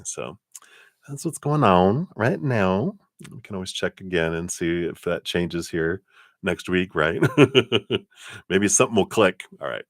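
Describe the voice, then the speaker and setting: A man's voice: low voice, expressive, unhurried, no room sound, clean studio sound. A man giving casual live tarot readings in a laid-back, chatty way, laughing often and letting sentences trail off. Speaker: tarot reader.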